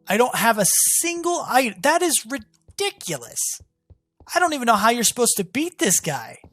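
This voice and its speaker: A gaming channel host giving gameplay commentary, talking straight to viewers with excited, exasperated outbursts. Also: mid-range voice, quick pace, no room sound, soft background music. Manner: talks to viewers as "guys".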